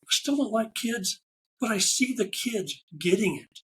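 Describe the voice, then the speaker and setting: A man talking as a podcast guest. He tells stories in a casual, animated way and acts out the lines of the people in them. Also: sits high, unhurried, low-quality recording. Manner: animated anecdotal storyteller, acts out quoted dialogue. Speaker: podcast guest, ride photographer. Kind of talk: casual interview storytelling.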